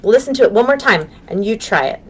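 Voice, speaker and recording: An American woman leads a live storytime for young children with a lively, sing-song voice that rises and falls a lot. She is gentle and encouraging and pauses often with ums, speaking over a webcam. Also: fairly high pitch, slightly rough. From United States. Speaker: children's librarian. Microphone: webcam on a live stream.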